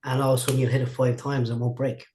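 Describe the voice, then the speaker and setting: Rambling martial arts teacher. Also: male voice, medium pitch, level tone, racing, mellow, slight background noise. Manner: rambling, repeats himself, restarts. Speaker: martial arts instructor, guest. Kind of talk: casual storytelling interview.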